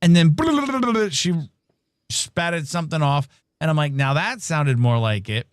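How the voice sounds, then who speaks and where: A man's voice: fairly high pitch, unhurried, clean tone, dry recording, clean studio sound. A man co-hosting a casual podcast, telling a story with lots of laughter and acting out the voices he quotes. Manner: animated storyteller, laughs often, acts out quoted dialogue. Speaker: podcast co-host. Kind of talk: casual chat on a livestreamed podcast.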